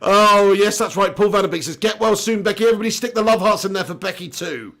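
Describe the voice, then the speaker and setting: Gravelly high-voiced man chatting live. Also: fast, fairly bright tone. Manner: jokey, laughs often, swears casually. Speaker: live stream host reading chat. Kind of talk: casual live watch-along chat.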